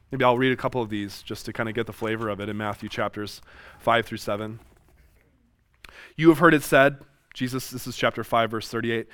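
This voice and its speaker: A man in his thirties giving a classroom lecture, reading scripture aloud and acting out quoted dialogue with lively swings in voice. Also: medium pitch, clear, resonant tone, no room sound, studio quality. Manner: animated, acts out quoted dialogue.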